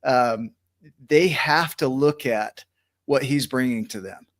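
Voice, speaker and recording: A man speaks in a middle pitch during a casual interview. He talks haltingly and keeps reaching for his words with fillers and restarts.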